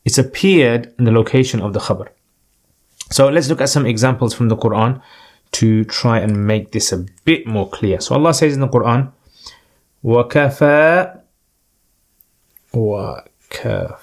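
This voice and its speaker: A man's voice: mid-range voice, normal speed, a little mellow. A man teaching Arabic grammar in a patient, explanatory way, often checking in with "right?" and reciting short phrases.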